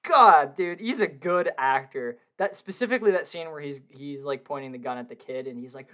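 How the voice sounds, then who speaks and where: A young man chatting casually on a podcast from his home basement, excitable, swearing a lot and laughing often. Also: on the high side, brisk, hardly any pauses. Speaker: podcast co-host. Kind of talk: casual film review chat.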